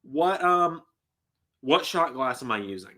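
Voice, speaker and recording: A man hosting a live reaction stream, talking casually to viewers, often exasperated and swearing loudly at what he watches. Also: medium pitch, lively intonation, measured pace. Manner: swearing, exasperated, loud outbursts. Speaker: host reacting live to wrestling.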